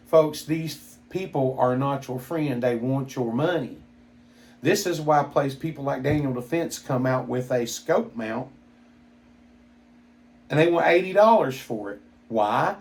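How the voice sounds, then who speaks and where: A man's voice: fairly high pitch, darkish tone. A middle-aged man hosting a gun channel, giving a blunt, exasperated opinionated monologue with mild swearing.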